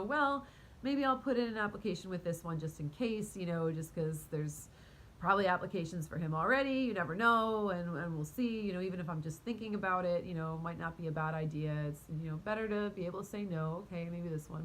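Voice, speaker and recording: Woman vlogger, lowish voice, rambling, animated storytelling, faint rumble behind. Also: a little fast, poor audio. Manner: rambling and animated, many fillers and restarts, with laughs; talks to her cat mid-story. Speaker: vlogger and spiritual coach. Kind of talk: casual storytelling to camera.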